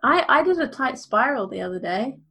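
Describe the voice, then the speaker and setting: A woman's voice: high voice, very animated, brisk, bright, forceful tone, husky. A woman in casual podcast chat. She talks playfully, laughs a lot and teases the others in good humor. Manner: giggly, playful teasing. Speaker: podcast co-host.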